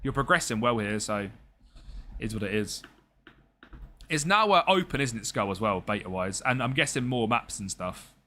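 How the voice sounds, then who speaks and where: A man's voice: lowish voice, lively intonation, moderate pace, bright, forceful tone. A young man streaming a football management game, chatting casually and jokily with his viewers as he plays. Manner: chatty and jokey, talks to chat and game players.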